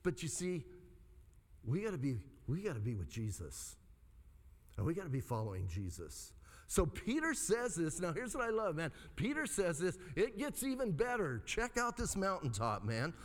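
A man preaching a sermon in a casual, animated style, his fairly high voice leaping up and dropping low with expressive swings. His words ring out with a long reverb, as if he were in a large hall. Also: moderate pace. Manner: animated, conversational preaching with dramatic pitch swings. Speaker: pastor.

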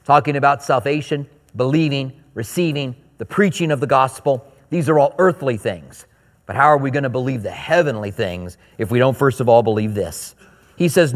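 A man preaching a sermon, reading scripture slowly and then explaining it in quicker, casual asides. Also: mid-range voice, in a large hall. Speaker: pastor.

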